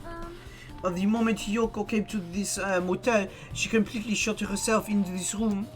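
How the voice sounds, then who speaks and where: A performer reading a timid, apologetic young female nurse's lines aloud, with a hesitant, halting delivery. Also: medium pitch, soft background music, natural voice. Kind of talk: reading game dialogue aloud.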